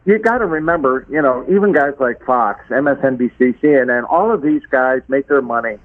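Over a thin, tinny phone connection, a Florida man calls in to a talk show and chats casually, filling his speech with fillers and repeated words. His voice is mid-range and fairly quick.

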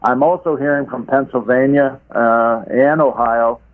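A man's voice: medium pitch, fairly even intonation, unhurried. A man calling into a talk show by phone, speaking with many fillers and repeated words. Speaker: caller. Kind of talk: casual phone interview. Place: Florida. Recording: tinny phone line.

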